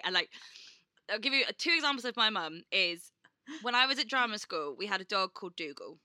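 A woman's voice: fairly high pitch, animated, fast talker, sharp tone, dry recording. A woman in her thirties co-hosting a podcast, telling stories in casual chat, peppered with "like" and acted-out quotes. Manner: chatty storyteller, lots of "like", acts out quotes. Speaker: podcast co-host.

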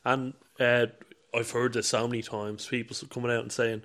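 A man's voice: mid-range voice, level tone, a little fast, few pauses, fairly bright tone. Laid-back Irish man, dry quips. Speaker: podcast co-host. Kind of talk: casual chat.

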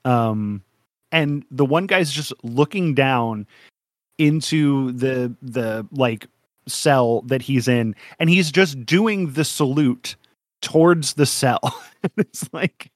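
Slow, rambling man laughing through podcast chat. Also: mid-range voice, no echo, studio quality. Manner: rambling, laughs often, trails off with fillers. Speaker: podcast co-host.

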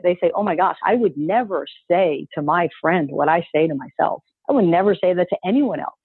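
A woman's voice: lowish voice, breathy edge, no room sound. A woman coach giving an upbeat, emphatic motivational talk, coaxing listeners to repeat phrases after her, heard over a call. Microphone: call audio. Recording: dry tinny phone-like call audio.

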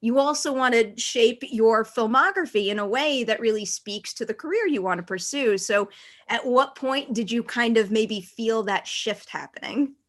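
A woman from Long Island interviewing an actress, friendly and quick to laugh, building up long questions. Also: on the high side. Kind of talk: casual interview.

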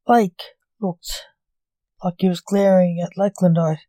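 A woman reads a story aloud at a slow, steady pace. Her voice is dark and mellow, recorded close with no room sound. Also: on the low side, no echo. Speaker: narrator. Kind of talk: storybook reading.

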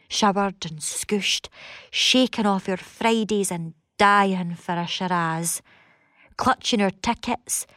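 A middle-aged woman with a Scottish accent, delivering a dramatic monologue with expressive, theatrical swings between loud and hushed. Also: medium pitch, no room sound, studio quality.

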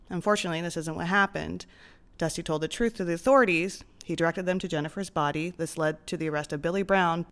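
A woman host narrates in a measured, steady way, her voice sitting a little low. She moves between scripted storytelling and posing questions to a guest.

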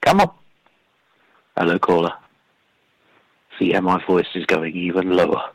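A man voicing a sultry late-night radio host who keeps dropping his voice lower to coax callers. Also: unhurried, no room sound, poor audio. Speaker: comedy radio presenter.

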